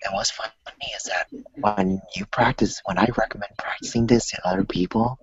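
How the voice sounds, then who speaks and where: A man in a casual podcast conversation, speaking softly and often half-whispered. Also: fairly low pitch, fairly even intonation, fairly quick, breathy edge, dull audio.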